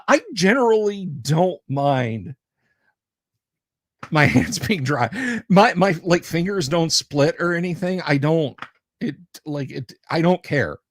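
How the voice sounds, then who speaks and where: A man's voice: fairly high pitch, dry recording, clean studio sound. A man hosting a casual livestream, chatting with viewers in a rambling, jokey way. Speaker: livestream host.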